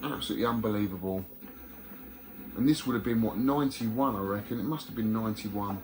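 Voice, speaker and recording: Against a noisy background, a YouTube host with a lowish voice talks fairly quickly as he reads competition scores. He keeps things casual with viewers, dropping in friendly side comments.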